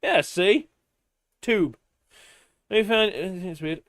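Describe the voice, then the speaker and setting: A man's voice: sits high, lively intonation, takes it slowly, dry recording. A man with a British English accent chatting casually as a streamer, swearing and joking as he plays. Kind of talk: casual gameplay chat. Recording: game music playing behind.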